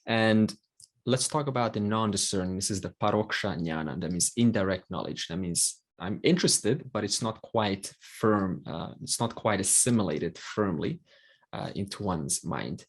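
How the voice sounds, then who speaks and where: Brief: male teacher, lower voice, calm explanatory class delivery. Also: moderate pace. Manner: calm explanatory, many fillers. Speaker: Vedanta teacher.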